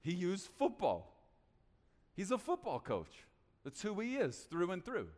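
A male pastor preaching a sermon in an animated way, acting out both sides of conversations. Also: sits high, a little slow, big-room sound.

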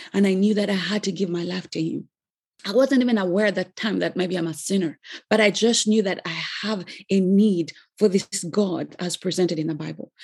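A woman in her forties giving an earnest, emotional personal faith testimony, with pauses and restarts. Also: mid-range voice, darkish tone, breathy edge. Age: 40s.

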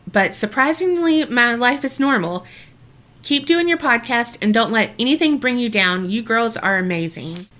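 Bright-voiced bubbly woman co-host. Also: on the high side. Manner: bubbly and reactive, quick exclamations. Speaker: podcast co-host. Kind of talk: casual chat, reading a listener letter.

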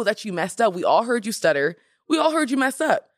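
A young woman hosting a podcast in casual chat, animated and emphatic with sassy asides. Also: on the high side, fairly quick, no echo, clean studio sound. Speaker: podcast host.

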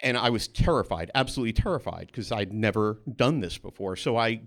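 A man's voice: on the low side, brisk. A man telling a first-person story on stage in a conversational way, with small restarts, acting out the other people he quotes. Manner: animated, acts out the voices of others in his story. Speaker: storyteller, pediatric oncologist.

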